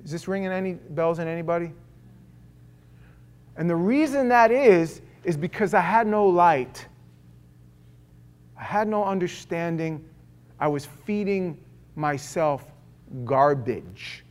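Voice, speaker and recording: A middle-aged man preaching a sermon as pastor, in a conversational storytelling way that swings from hushed lines to loud ones and acts out other people's voices. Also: high-pitched, lively intonation, takes it slowly, pauses often.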